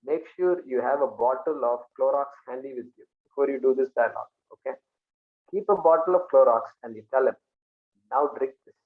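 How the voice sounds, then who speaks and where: A man's voice: medium pitch, fairly quick. A man teaching an informal class, talking conversationally and acting out little dialogues with jokes. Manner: conversational, jokey, acts out dialogues. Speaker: Vedanta teacher. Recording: tinny phone-like audio.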